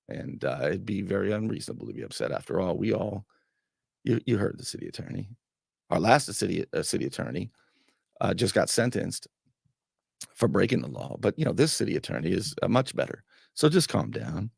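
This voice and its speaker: Gravelly, sarcastic male show host. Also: deep voice, a little fast, dry recording, studio quality. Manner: sarcastic, mocking, animated. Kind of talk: commentary over a played clip.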